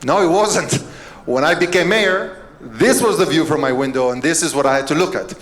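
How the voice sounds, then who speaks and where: A middle-aged man from Albania, a mayor giving a conference keynote, telling jokes and stories in a relaxed, self-deprecating way. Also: a little high, moderate pace. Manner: joking, storytelling, self-deprecating.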